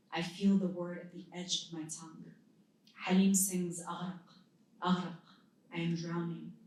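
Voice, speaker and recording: A woman in her thirties from the United States, reading her own poetry at a live event with measured, deliberate phrasing and pauses between lines. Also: lowish voice, dark tone. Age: 30s. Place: indoor literary event venue. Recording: very echoey room, voice from a distance.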